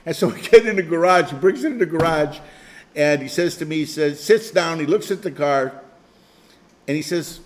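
A man's voice: fairly high pitch, normal speed. An older man leading a Bible study group in an informal sermon, rambling, repeating phrases and chuckling.

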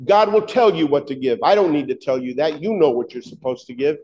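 A man's voice: a little high, fairly quick, darkish tone, highs cut off. A man preaching a sermon in an emphatic, conversational way, asking his listeners pointed rhetorical questions.

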